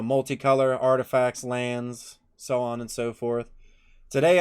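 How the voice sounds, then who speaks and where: A man with a smooth, clear voice at a middle pitch hosts a card game set review. He talks in a friendly, promotional way as he walks through each card. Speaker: host.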